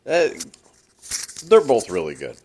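A man's voice: medium pitch, wildly swooping pitch, unhurried, darkish tone, a little hiss or hum. A man co-hosting a podcast in casual chat, laid-back with dry remarks. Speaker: podcast co-host.

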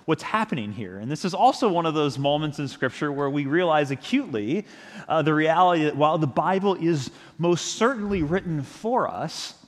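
A man's voice: fairly high pitch, a bit bright. A man preaching a sermon as pastor, speaking in a reflective, conversational way with small restarts. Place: church sanctuary. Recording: long church-hall reverb.

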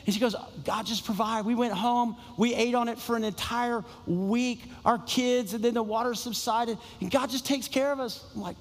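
High-voiced preacher in a reverberant hall. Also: male voice, fairly even intonation, normal speed, few pauses. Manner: storytelling, exclamatory and repetitive. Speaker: pastor. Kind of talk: sermon.

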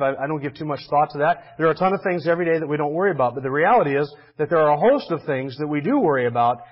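A man's voice: fairly high pitch, dull audio. A man preaching a sermon, emphatic and full of rhetorical questions. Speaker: pastor.

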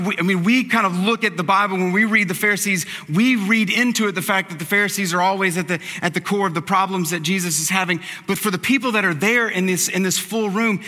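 Pastor guy preaching casual style, bright voice, long echo from a big hall. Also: high-pitched. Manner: conversational, acts out the characters' lines. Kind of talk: sermon.

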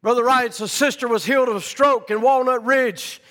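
A man preaching a sermon, rising from quiet storytelling to fervent shouting. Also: very high-pitched, normal speed, big-room sound.

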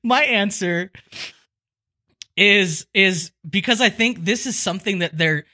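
A podcast co-host with a bright, sharp-edged voice. He chats casually, rambling through his stories with plenty of giggles. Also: sits high, a little slow. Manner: giggly, rambling, animated storyteller. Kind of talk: casual chat.

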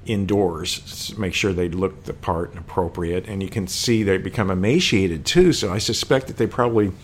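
A man's voice: deep voice, normal speed, slight background noise. A man discussing a war film in casual conversation, thoughtful and hesitant, with frequent fillers and restarts.

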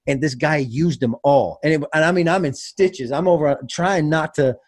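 A man's voice: on the high side, moderate pace, no room sound, studio quality. A man telling a funny story in casual podcast chat, acting out other people's voices. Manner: animated storyteller, acts out voices. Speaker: podcast guest.

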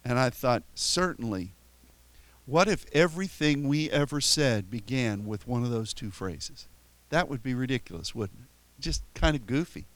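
A man's voice: mid-range voice, animated, normal speed, no room sound. A man preaching a sermon as pastor, talking conversationally with frequent restarts and telling light stories. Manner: tells stories with chuckles and playful quoted voices.

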